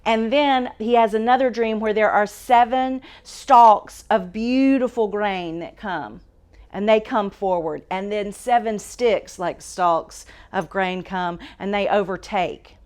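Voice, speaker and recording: A woman with a mid-range, darkish, clear, and resonant voice speaks slowly as she teaches a Bible study to a live group in a church room. She keeps it casual and conversational, asking the group questions and correcting herself as she goes.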